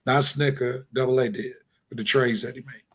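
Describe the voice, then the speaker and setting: Mid-pitched man, level-headed sports co-host, casual analytical chat. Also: fairly even intonation, fairly bright tone, slight background noise. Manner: measured and analytical, with fillers and restarts. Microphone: video call.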